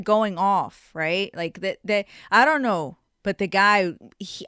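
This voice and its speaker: A woman's voice: medium pitch, a bit bright, no echo, studio quality. A young woman hosting a solo podcast, telling stories casually with lots of swearing and self-mocking asides. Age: young adult. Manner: chatty, profane, self-mocking. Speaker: podcast host.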